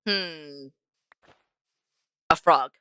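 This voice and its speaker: A woman's voice: low-pitched, drawn-out words, pushed and bright, smooth, dry recording. A young woman streaming a game, chatting to herself and to the animals she passes as she plays. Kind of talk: casual gameplay commentary.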